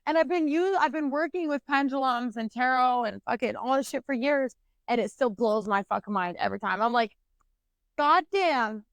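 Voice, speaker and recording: A woman in her twenties co-hosting a podcast, telling a story in casual, animated chat and swearing freely. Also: sits high, moderate pace, no room sound. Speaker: podcast co-host.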